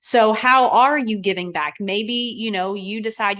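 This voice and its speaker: A little slow and mid-range, the voice belongs to a woman in her thirties who sells real estate in Arizona. As a guest in a relaxed conversation, she recounts stories with lots of energy, voicing other people's words loudly as she acts them out.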